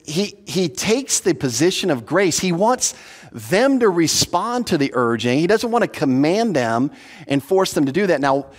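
A man's voice: on the high side, big pitch swings, a little slow. A man preaching an expository sermon as pastor, earnest and teacherly, stressing points by repeating them. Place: church hall. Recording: long hall reverb.

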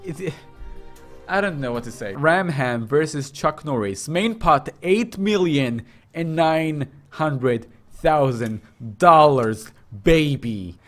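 Young guy streamer yelling at his game, voice jumps all over, slow drawn-out words, bit of music behind. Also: on the high side. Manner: excitable, yelling and crude joking. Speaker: gaming streamer. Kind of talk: livestream game commentary.

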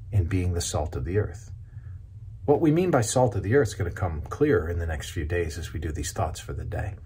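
Man, deep voice, pastor, earnest devotional talk to camera, hammers key words, faint hiss. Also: dark tone. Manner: earnest, stresses single words with long pauses. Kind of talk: short devotional sermon to camera. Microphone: camera video.

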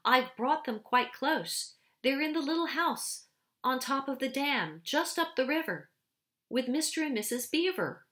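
A woman's voice: mid-range voice, lively intonation, a little slow, a bit bright. Scared young boy, stammering and eager to please, voiced by a woman. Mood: pleading. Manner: trembling, stammering and pleading.

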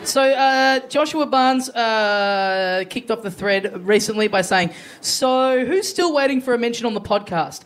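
A man's voice: very high-pitched, unhurried. An Australian man co-hosting a live comedy podcast, reading out listener emails with swearing and laughing asides. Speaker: podcast co-host. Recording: live show with loud audience.

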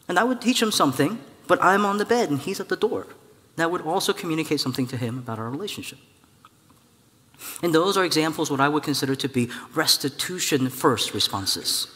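A man preaching a sermon as a church elder, telling a personal story in a lively way and acting out the voices of the people in it. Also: a little high, moderate pace. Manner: animated storytelling, acts out voices, laughs at own story. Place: church hall. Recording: church hall with long reverb.

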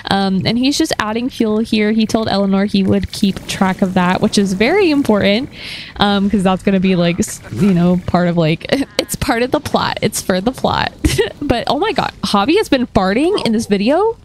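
A woman's voice: mid-range voice, expressive, normal speed, a little hiss or hum. A young woman who chats and giggles her way through casual storytelling about a life-sim game. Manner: chatty, giggly, full of fillers. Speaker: gaming video creator.

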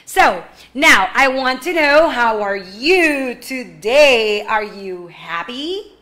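Animated bilingual woman teacher; bright tone, unhurried pace for little kids. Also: fairly high pitch. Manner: animated, switches between English and Spanish, sings prompts. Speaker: kindergarten English teacher. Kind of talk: online class for young children.

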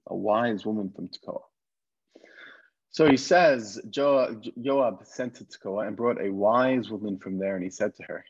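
Rabbi lecturer, husky voice, chatty storytelling, quotes the characters, muffled recording. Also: male voice, lowish voice, darkish tone. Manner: conversational, with restarts and quoted speech. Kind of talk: lecture retelling a bible story.

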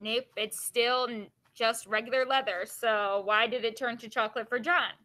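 A woman reading a children's chapter book aloud, pausing to explain the story in plain, casual words. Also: on the high side, fairly even intonation, sharp tone, poor audio.

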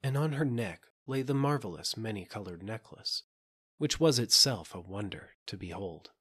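Low husky guy reading a fairy tale audiobook, calm and steady. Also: moderate pace. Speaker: audiobook narrator. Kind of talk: storybook narration.

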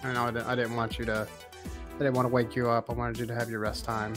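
A man's voice: medium pitch, level tone, fast, over music. A man playing in a tabletop role-playing game, speaking hesitantly with restarts. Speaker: player. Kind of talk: casual tabletop game play.

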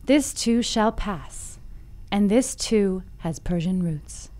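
A medium-pitched woman with lively intonation and a dark tone speaks slowly, reading a scripted storytelling segment on a podcast. Between lines she chats playfully and laughs at herself.

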